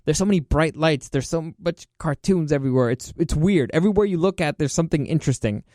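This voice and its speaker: A man's voice: on the high side, lively intonation, fast, mellow, no room sound, clean studio sound. A young man hosting a podcast, telling stories in a loose, rambling way and laughing as he goes. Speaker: podcast host. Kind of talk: casual Q&A storytelling.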